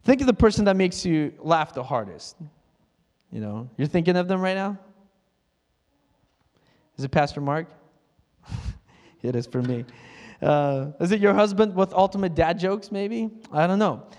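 A man's voice: high-pitched, lively intonation, unhurried, long pauses, darkish tone. A middle-aged man preaching a casual, conversational sermon as pastor, chuckling at himself now and then and briefly imitating how other people pray. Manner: conversational, self-laughing, mimics others' prayers. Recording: church hall reverb.

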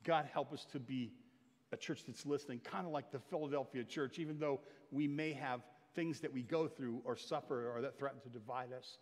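A man preaching a sermon in earnest, building louder and higher at the climaxes. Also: fairly quick. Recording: long hall reverb.

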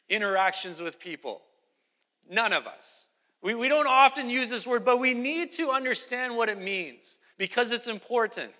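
In a large hall, a male pastor preaches a sermon in a very high, bright, forceful voice. He speaks emphatically, repeating key phrases.

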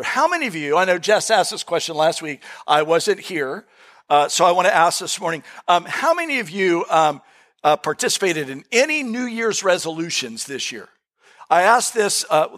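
A man's voice: a little high, a bit bright. A middle-aged man preaching a sermon to a church congregation, chatting and telling stories with frequent fillers. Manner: conversational, folksy storytelling with fillers. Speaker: pastor. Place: church service room.

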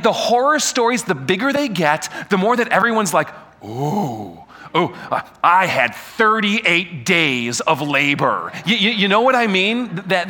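A man preaching a sermon, animated and full of rhetorical questions aimed at the congregation. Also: sits high.

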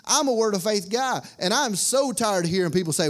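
A man's voice: high voice, animated, a little fast. A male pastor, preaching a sermon in a folksy, conversational way with lots of repetition.

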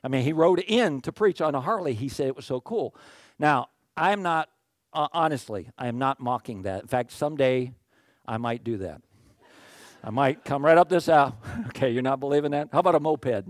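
A male pastor with a medium-pitched voice and moderate pace delivers a conversational, animated sermon, frequently checking in with the congregation and acting out what the crowd said. The sound is clean studio audio with no echo.

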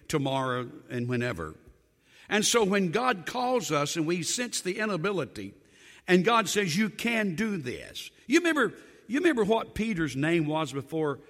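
Animated preacher in a reverberant hall. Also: male voice, high voice. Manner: animated storytelling, acting out biblical dialogue. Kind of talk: sermon.

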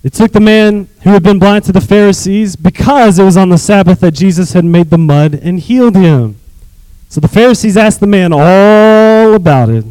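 A man preaching as a youth pastor, reading scripture with animated asides and calling on the congregation to repeat phrases. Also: sits high, moderate pace, clean tone, dry recording, poor audio.

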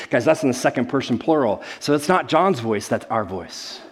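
A man preaching a sermon in a conversational, animated way, often calling his listeners guys. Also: mid-range voice, normal speed, few pauses, husky. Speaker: pastor.

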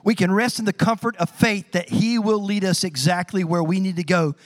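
A middle-aged man preaching a sermon as pastor, animated and humorous, telling stories with sound effects. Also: high voice, moderate pace, few pauses.

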